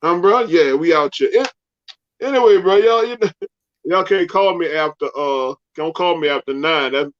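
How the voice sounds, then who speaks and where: Man, high voice, playful co-host, muffled lo-fi audio. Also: normal speed. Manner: joking, animated, laughs often. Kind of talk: casual show banter. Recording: dull lo-fi sound.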